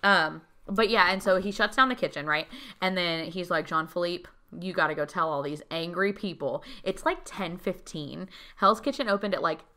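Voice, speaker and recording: A woman's voice: on the low side, moderate pace, sharp tone. A woman co-hosting a podcast, chatting casually and acting out quotes in put-on voices. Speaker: podcast co-host. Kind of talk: casual chat recapping a show.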